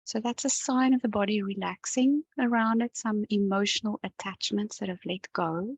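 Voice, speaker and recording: A woman coach gently talking viewers through an EFT tapping session, yawning and sighing as she relaxes. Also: mid-range voice, moderate pace, husky, rough recording. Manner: gentle, calm, talks the viewer through each step. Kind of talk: guided tapping session to camera.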